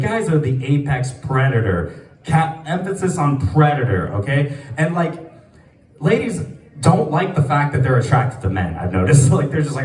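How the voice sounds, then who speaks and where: A male stand-up comic rambling through his set with lots of fillers, his pitch swinging all over the place. He chuckles at his own jokes. The room is echoey and he sounds some distance from the mic. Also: darkish tone. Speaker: stand-up comedian. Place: small comedy venue, sparse audience.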